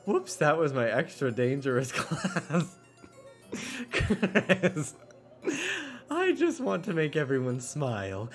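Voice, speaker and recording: A man's voice: a little high, big pitch swings, slow pace, pauses often, soft background music, heavily acted. A man voicing a vain, scheming robot queen who speaks in stiff, formal phrases without contractions. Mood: wistful scheming.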